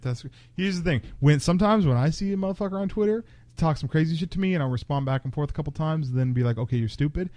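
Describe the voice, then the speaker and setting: A man's voice: a little high, fast, hardly any pauses, mellow, no room sound. A man co-hosting a casual podcast, a bit tipsy, laid-back and slangy as he explains things at length. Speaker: podcast co-host. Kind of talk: casual drunk podcast chat.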